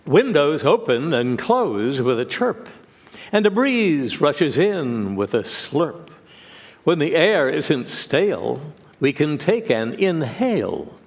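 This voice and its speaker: Slow male limerick reader. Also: a little high, sing-song, gravelly. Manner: slow, deliberate, sing-song. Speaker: limerick reader on a quiz show. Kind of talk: reading comic verse.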